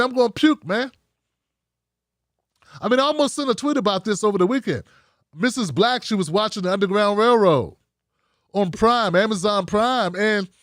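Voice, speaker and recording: A man's voice: high voice, fairly bright tone, no echo, studio quality. A man hosting a livestream, giving frank, rambling commentary straight to his viewers. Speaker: show host.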